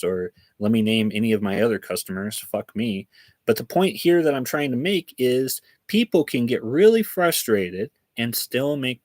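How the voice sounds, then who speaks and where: A man's voice: fairly low pitch, no echo. A man ranting bluntly on a livestream, frustrated and swearing as he talks. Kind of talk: livestream rant.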